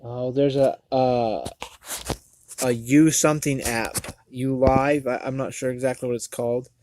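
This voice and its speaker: In a steady, mid-range, darkish voice and at a slightly slow pace, a man angrily rants on his livestream. He's profane and heated, repeatedly stammering and restarting, and there's a little hiss or hum in the audio.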